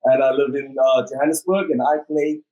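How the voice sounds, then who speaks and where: A man's voice: mid-range voice, flat delivery, a little fast, highs cut off. A man with a South African accent, an actor guest bantering and joking through an interview. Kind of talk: casual interview chat.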